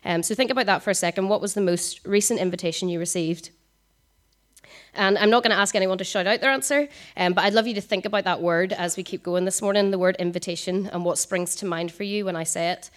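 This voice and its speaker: A woman, giving a conversational sermon at a church service, talking fast with frequent ums. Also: medium pitch. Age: 20s. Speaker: preacher.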